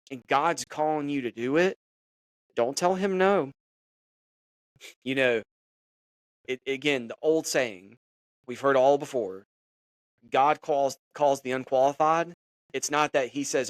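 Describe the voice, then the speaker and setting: A man's voice: medium pitch, moderate pace, pauses often. A man talks through a devotional on his own podcast in a mid-range voice. He speaks casually and animatedly, acting out conversations as he tells them. The sound is close and dry, with no room echo. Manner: conversational, animated retelling with quoted dialogue. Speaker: podcast host.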